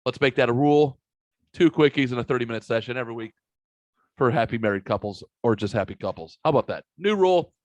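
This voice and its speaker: A man in his forties hosting a podcast, telling stories in a rambling, animated, casual way. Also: medium pitch, quick pace, dry recording. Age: 40s. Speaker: podcast host. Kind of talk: casual podcast chat, storytelling.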